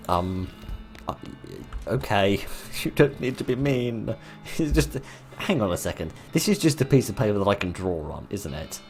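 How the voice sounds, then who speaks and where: A man's voice: fairly low pitch, sing-song, moderate pace, darkish tone, soft background music. A man hosting a game playthrough, reading the text aloud with dry, sarcastic asides. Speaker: gaming video host. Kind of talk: let's-play commentary and reading game text.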